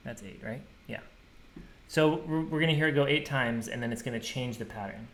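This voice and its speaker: A man walking through a program he wrote, thinking aloud in a relaxed, casual way and scatting drum rhythms. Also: mid-range voice, brisk, gravelly, background noise. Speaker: programmer demonstrating his software. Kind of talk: casual screen-share tutorial.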